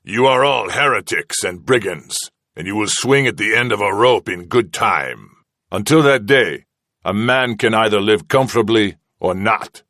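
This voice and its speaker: A man voicing a cruel captain, slow and cold in his threats. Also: lowish voice, animated, sharp tone, no room sound, clean studio sound. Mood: menacing. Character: cruel Spanish male captain, menacing and sarcastic.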